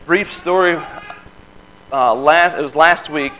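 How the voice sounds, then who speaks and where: A man in his thirties from the Midwest giving an informal testimony at a church, telling a story in an earnest, folksy way with quick laughs. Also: a little high, pushed and bright, a little hiss or hum, low-quality recording. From Michigan. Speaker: lay speaker giving testimony.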